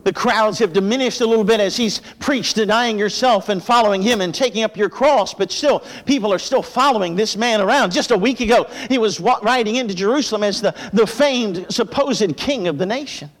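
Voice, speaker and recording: A man preaching a sermon with impassioned delivery, praying softly and rising with fervor as he expounds Scripture. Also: a little fast, few pauses, big-room sound. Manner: impassioned preaching, drops low for prayer. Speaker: pastor.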